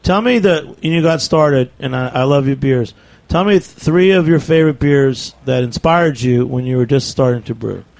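Gravelly, teasing male radio host. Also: medium pitch, normal speed, a little mellow. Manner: pushy, teasing questions. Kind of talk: casual radio banter.

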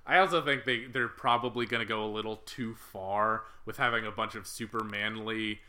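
A man's voice: on the low side, steady tone, normal speed, a crowd in the background. A man co-hosting a casual podcast chat, speaking thoughtfully with many hesitations and restarts. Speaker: podcast co-host.

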